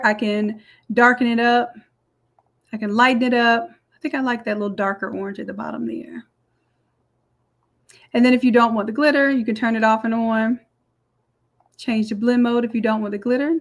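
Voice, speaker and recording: A woman walking through a design software tutorial step by step in a chatty, explaining way. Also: fairly high pitch. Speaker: design instructor. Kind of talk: screen-recorded software tutorial.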